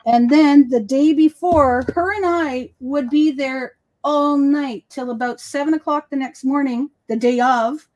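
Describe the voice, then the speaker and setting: A woman's voice: sits high, unhurried, few pauses, a little mellow, lo-fi sound. A woman hosting a casual crafting livestream, chatting and telling stories while she works. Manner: chatty, storytelling. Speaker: host.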